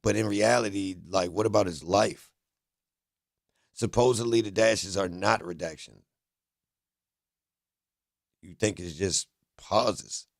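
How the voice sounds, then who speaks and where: A man's voice: fairly low pitch, slow pace, gravelly, long pauses, no echo, clean studio sound. A man hosting a livestream, talking bluntly and profanely as he rants at his chat. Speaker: livestream host. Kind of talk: heated livestream commentary.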